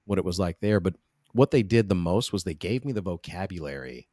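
A man hosting a podcast interview, speaking earnestly in a halting way with many restarts. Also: sits low, lively intonation, darkish tone, no room sound, studio quality. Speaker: podcast host. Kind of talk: conversational interview.

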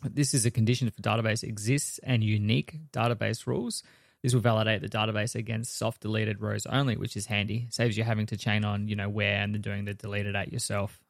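A man co-hosting a podcast who goes through software changes one by one, steady and explanatory. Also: lowish voice, fast talker, vocal fry, no room sound, clean studio sound. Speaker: podcast co-host. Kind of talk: technical news rundown.

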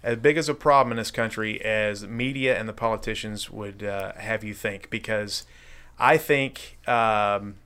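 A man talking as a guest on a casual podcast, quick and conversational, with frequent restarts. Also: lowish voice, bright, forceful tone, clean tone. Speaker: guest, political candidate. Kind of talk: casual chat.

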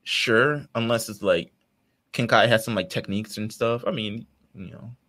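A man co-hosting a casual fan podcast, laid-back and quick to laugh as he retells scenes. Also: fairly low pitch, sharp tone. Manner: laid-back, laughs often, acts out characters' lines. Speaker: podcast co-host.

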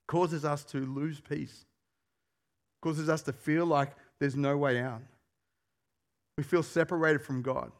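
A pastor preaching a sermon, telling stories with animation and putting questions to the congregation. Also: male voice, fairly high pitch. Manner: animated storyteller who asks the congregation questions.

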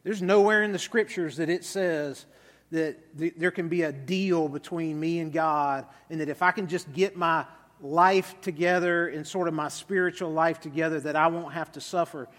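A man's voice: a little high, steady tone, normal speed, a bit bright. A man preaching a sermon as pastor, in a conversational storytelling manner with some fillers. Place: large church hall. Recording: reverberant hall.

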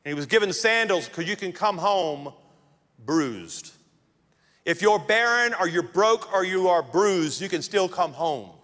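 A male pastor preaches with a fairly high, swooping voice that rises and falls with emphasis. He leans into dramatic pauses and acts out the quotes. His voice rings with the long echo of a large church hall. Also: lively intonation, a bit bright. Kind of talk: sermon.

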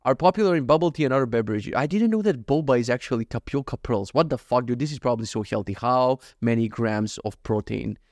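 A man's voice: medium pitch, lively intonation, fast talker, hardly any pauses, a little mellow, no room sound, clean studio sound. A young man hosting a solo podcast, rambling through jokey, profane stories. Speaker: podcast host. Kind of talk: casual solo podcast monologue.

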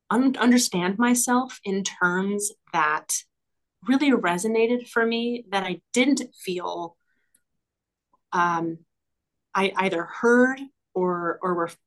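A woman's voice: lowish voice, fairly bright tone. A woman speaking as a guest on a podcast, in a reflective, enthusiastic way, with frequent fillers and small laughs. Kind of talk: casual conversational interview.

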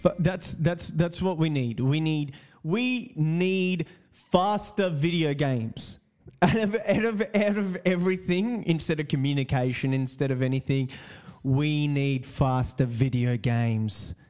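A man's voice: fairly high pitch, unhurried, a little mellow. Rambling, swearing guy podcasting. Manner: rambling, profane, repeats words. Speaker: podcast host. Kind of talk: casual solo podcast rant.

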